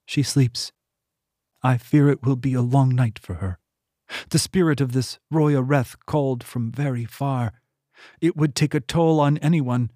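A man voicing a calm, mystical queen. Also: medium pitch, measured pace, no echo, clean studio sound, close to an everyday voice. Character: calm female monarch, gentle and mystical.

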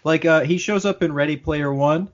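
A man co-hosting a casual film podcast over a video call, animated and swearing freely. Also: a little high, moderate pace. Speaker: podcast co-host. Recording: dull lo-fi video call audio.

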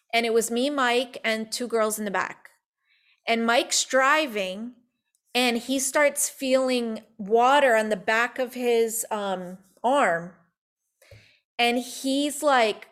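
A woman telling a personal faith story in casual talk, acting out the quotes in quick, animated bursts. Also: a little high.

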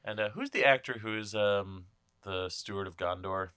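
Man, casual movie chat, crude jokes, bright tone, dry close sound. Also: on the low side, moderate pace, clear, resonant tone, dry recording. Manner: profane, jokey, acts out silly voices. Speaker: podcast co-host.

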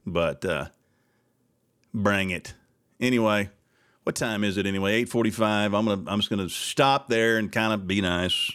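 A man's voice: lowish voice, a bit bright. A man hosting local talk radio, venting in an exasperated, sarcastic ramble. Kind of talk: casual talk radio monologue.

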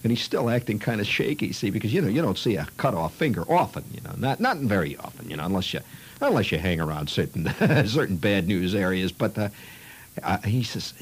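A man's voice: fairly low pitch, very animated, a little fast, a little hiss or hum, rough recording. A man telling a childhood story in a rambling, conversational way, peppered with "you know" and "see".

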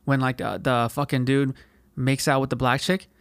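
A man's voice: medium pitch, flat delivery, moderate pace, vocal fry, dry recording, clean studio sound. A man in his twenties from California, hosting a podcast in a rambling, profane solo rant that leans on "dude" constantly. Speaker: podcast host.

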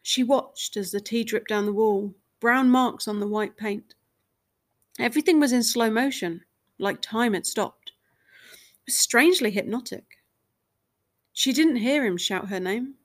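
A woman reading a short dramatic story aloud in measured, even scripted narration. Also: fairly high pitch.

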